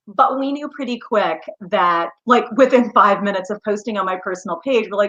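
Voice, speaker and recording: A woman's voice: medium pitch, normal speed, hardly any pauses, a bit bright. Woman, interview guest, earnest, heartfelt storytelling, slightly dull remote audio. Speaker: guest, mother and small business founder.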